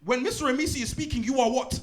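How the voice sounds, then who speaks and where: A man's voice: extremely high pitch, very fast, voice pushed up. A man voicing a strict male schoolteacher scolding a class in a sarcastic, barking way. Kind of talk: stand-up character bit. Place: small comedy pub venue, live audience.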